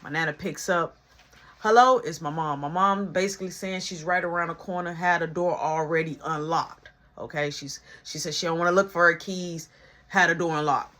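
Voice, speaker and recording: A man tells a comic story from his own life and switches into each person's voice. His tone is bright and lively. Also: a little high, brisk. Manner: animated, acts out every voice. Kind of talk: comedic storytime.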